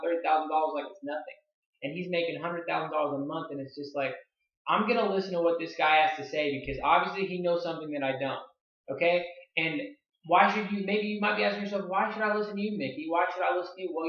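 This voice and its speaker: A young man in his twenties rambles through a story with breathless excitement, peppering every phrase with "like". His voice sits a little high for a man. The recording is roomy and dull, like a lo-fi room mic. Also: fast talker. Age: 20s. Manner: excitable, filler-heavy, lots of "like". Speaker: online marketing vlogger. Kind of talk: casual storytelling to camera.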